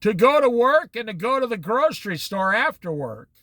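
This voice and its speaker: A male Bible teacher with a high-pitched voice leads a relaxed Bible study on the Oregon coast, lively as he performs short exchanges between people and God. He speaks at a moderate pace, and the sound has no echo.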